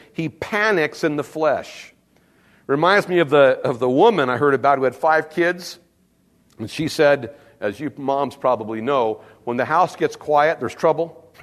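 Lively, high-voiced male preacher. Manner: animated storytelling with humor. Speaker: pastor. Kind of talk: sermon.

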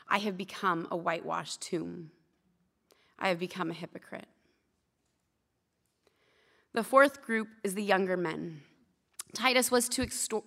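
At church, a thirty-something woman delivers a sermon, breaking up scripture teaching with frank stories that poke fun at herself. She has a medium-pitched voice that sounds pushed and bright.

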